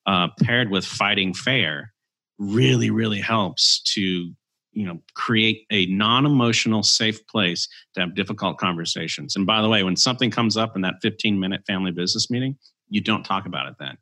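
A man with a low-pitched voice and a forceful, bright tone talks through his framework in a relaxed podcast interview. He breaks ideas into steps and leans on fillers as he goes. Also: moderate pace. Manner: explains ideas in structured steps, filler-heavy. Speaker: entrepreneur and podcast guest. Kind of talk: conversational interview.

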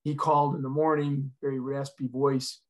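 A man's voice: mid-range voice, little pitch movement, normal speed. A middle-aged man, a retired fire chief, telling a personal story in an earnest, emotional way as a podcast guest.

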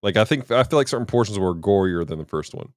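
A man's voice: on the low side, animated, quick pace, clean tone, dry recording, clean studio sound. A man hosting a casual movie review podcast, genially steering the talk. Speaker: podcast host.

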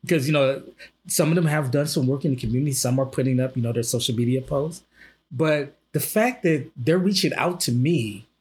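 Husky, halting man reflecting on a podcast. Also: on the high side. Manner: earnest, halting, reflective with many restarts. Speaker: podcast co-host. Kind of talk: casual discussion.

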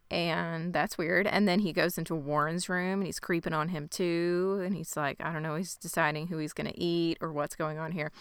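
Bright, crisp-voiced woman recapping a show. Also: lowish voice, dry recording, studio quality. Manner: animated retelling, swearing and laughing. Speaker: podcast co-host. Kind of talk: casual TV recap chat.

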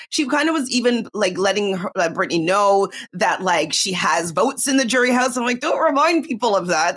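Female co-host, husky tone, chatty opinionated commentary. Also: medium pitch, a bit bright. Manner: chatty, many likes, laughs between points. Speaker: co-host giving opinions on a reality show. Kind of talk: casual podcast commentary.

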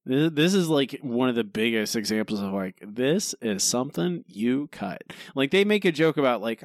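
A man with a Philadelphia accent co-hosts a casual podcast and rants in exasperation. His pitch swings a lot, and the sound is dry and close. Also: lively intonation, unhurried, no room sound. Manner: exasperated, ranting. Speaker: podcast co-host.

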